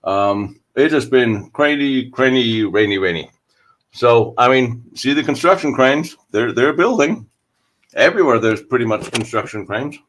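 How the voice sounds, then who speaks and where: A male host chatting casually on a live stream from a hotel room. His pitch swings widely as he talks. He rambles, laughs often and restarts his sentences. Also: lively intonation, measured pace, fairly bright tone. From United States.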